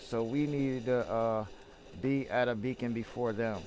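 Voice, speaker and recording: A man's voice: medium pitch, a little slow, darkish tone, slight background noise. A man from Florida streaming a video game, talking in a rambling, chatty way full of fillers as he plays and reads the chat. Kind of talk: casual gameplay commentary.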